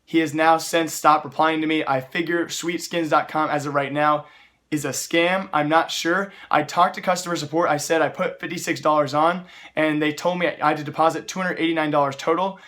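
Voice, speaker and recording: A young man hosting a casual gaming news vlog, energetic and chatty, his voice a bit worn from long live streams. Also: a little high, brisk. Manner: energetic, chatty, keeps addressing viewers as guys. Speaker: esports news host.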